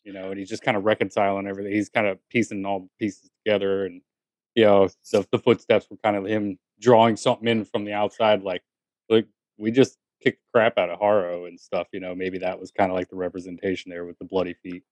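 A man's voice: low voice, little pitch movement, fast, a little mellow, no room sound. A man co-hosting a casual podcast chat, talking animatedly with lots of fillers and restarts. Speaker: podcast co-host.

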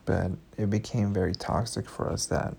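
Young man, low gravelly voice, mellow dark tone, candid podcast storytelling, faint background hiss. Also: fairly even intonation, moderate pace. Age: young adult. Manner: candid, emotional, swears often. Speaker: podcast host. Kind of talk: casual storytelling.

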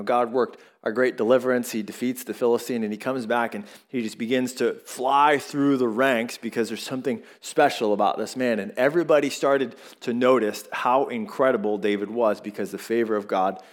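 A male pastor delivers a sermon in a church sanctuary, telling a story with animated, shifting emphasis. His voice sits at an ordinary pitch for a man. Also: brisk, few pauses.

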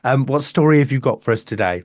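A man's voice: medium pitch, expressive, quick pace, darkish tone, no room sound, studio quality. A man hosting a talk radio show, chatting and bantering with his co-host while a bit under the weather. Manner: bantering, self-deprecating.

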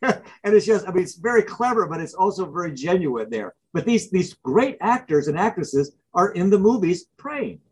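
Brief: male professor-author guest, husky tone, lively storyteller who acts out scenes. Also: high voice, moderate pace, few pauses, poor audio. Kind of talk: interview guest.

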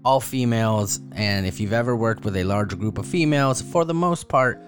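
A man in casual podcast chat who tells his stories with plenty of swearing. His pitch leaps high whenever he acts out a quote. Faint music plays underneath. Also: moderate pace. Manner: animated storyteller, jumps high when acting out quotes; swears freely. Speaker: podcast co-host.

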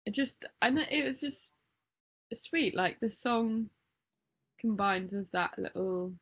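A woman's voice: fairly high pitch, animated, slow, slightly rough. A woman co-hosting a podcast in casual chat, giggly and chatty, often trailing off mid-thought. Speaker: podcast co-host.

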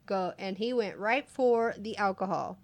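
A woman's voice: medium pitch, unhurried, dry recording. A woman casually telling funny work stories, laughing often as she goes. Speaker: podcast co-host telling stories. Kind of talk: casual storytelling chat.

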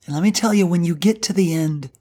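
A woman giving earnest, emphatic Bible teaching on a podcast, slowing down to read scripture aloud. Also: lowish voice, dark tone, husky.

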